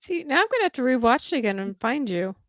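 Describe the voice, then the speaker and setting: A woman's voice: a little high, big pitch swings, fast talker, no echo. A woman hosting a podcast in a friendly, chatty way and reading out viewer comments. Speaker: podcast host.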